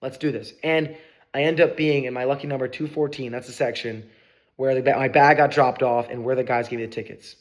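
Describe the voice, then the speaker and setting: Excited young man telling a story. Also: medium pitch, a little fast. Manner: excited, swearing, acts out quoted dialogue. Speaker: vlogger. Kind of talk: casual storytime monologue.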